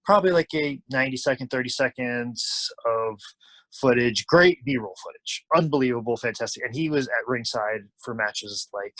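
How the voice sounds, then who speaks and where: A man's voice: medium pitch, normal speed, dry recording, rough recording. A man telling a long anecdote as an interview guest, acting out the people he quotes. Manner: animated, acts out quoted lines. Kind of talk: casual storytelling.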